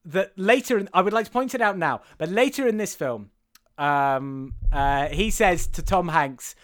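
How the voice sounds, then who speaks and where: A man with a high, bright voice recaps a film in loose, casual chat. He rambles, with plenty of ums and uhs, and swears freely. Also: normal speed.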